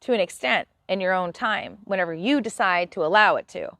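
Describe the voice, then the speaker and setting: A woman's voice: mid-range voice, a little fast, a bit bright, no echo, studio quality. Blunt, profane woman streamer. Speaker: live stream host. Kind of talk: casual spiritual rant.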